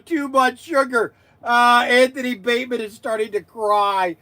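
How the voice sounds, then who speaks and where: Excitable high-voiced man hosting a livestream. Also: a little slow, few pauses, no room sound. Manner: excitable, rambling, laughing, teasing. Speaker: livestream host of a toy shop. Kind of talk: casual livestream chat, reading viewer comments.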